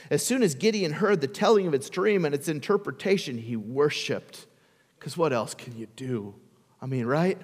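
A male pastor delivers a sermon in a relaxed, conversational way and keeps turning to the congregation with questions. His voice sits fairly high for a man. The sound rings with the long reverb of a large hall. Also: normal speed.

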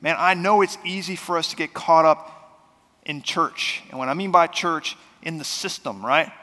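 Bright-voiced male pastor preaching in a hall. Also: a little high, moderate pace. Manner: conversational preaching with sudden loud and soft swings. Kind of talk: sermon. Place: church sanctuary.

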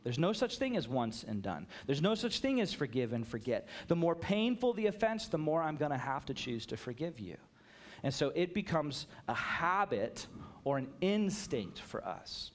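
A man's voice: a little high, very animated, moderate pace. A middle-aged male pastor giving a conversational sermon, acting out small everyday dialogues to make his point. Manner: conversational preaching, acts out little dialogues.

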